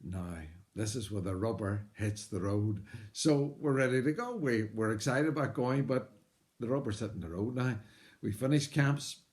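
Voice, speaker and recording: A man's voice: medium pitch, moderate pace, a little mellow. A man with a Northern Irish accent, a missionary telling his life story as an earnest personal testimony, full of "uh" fillers and bursts of animation. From Northern Ireland.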